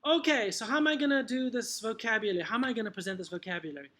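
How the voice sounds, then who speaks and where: A man's voice: very fast, sharp tone. Chatty man coaching fellow teachers. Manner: chatty, keeps checking with "okay?", punchy "boom" asides. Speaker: English teacher trainer. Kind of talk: video teaching tutorial.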